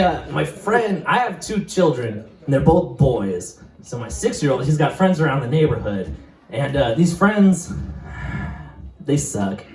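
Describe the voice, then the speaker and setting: A man's voice: a little high, recorded from a distance. Rambling, profane man doing stand-up. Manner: rambling, profane, laughing at his own stories. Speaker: stand-up comedian. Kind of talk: stand-up set. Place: comedy club stage. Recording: roomy stage mic, heard from afar, audience. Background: crowd laughing.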